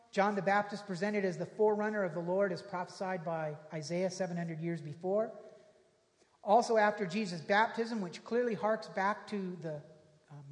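A pastor preaching a sermon in a conversational, emphatic way, with quick asides and rhetorical questions, and reading scripture aloud to a congregation. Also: medium pitch. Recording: long hall reverb.

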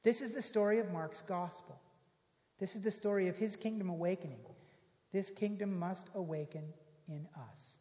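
A pastor preaching a sermon in a conversational, emphatic way, with quick asides and rhetorical questions, and reading scripture aloud to a congregation. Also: mid-range voice, darkish tone. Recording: long hall reverb.

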